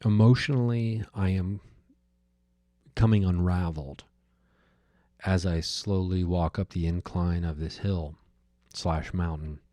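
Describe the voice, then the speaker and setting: Deep, mellow-voiced man musing alone. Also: fairly even intonation, measured pace, pauses often, dry recording. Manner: musing, storytelling, frequent fillers and restarts. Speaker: podcast host. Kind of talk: reflective solo monologue.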